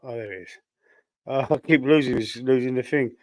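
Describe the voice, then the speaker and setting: Fighting a cough and sounding slightly choked, this London man with a Cockney accent rambles through casual chat on a football fan stream, reading comments from viewers and using many fillers. His mid-range, slightly mellow voice runs a bit fast, with no room sound.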